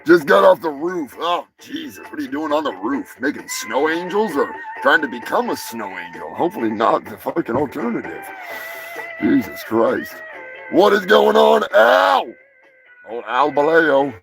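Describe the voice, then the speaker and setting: A man hosting a live stream, rambling crude jokes and shouting greetings to chatters. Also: a little high, very animated, normal speed, vocal fry, poor audio. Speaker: live show host. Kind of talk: crude casual livestream banter. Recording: music playing behind the voice.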